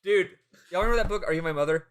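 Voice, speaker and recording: A man co-hosting a podcast, recapping a game in casual chat, laughing often and swearing, acting out the characters in quick bits. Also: high-pitched, smooth. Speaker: podcast co-host.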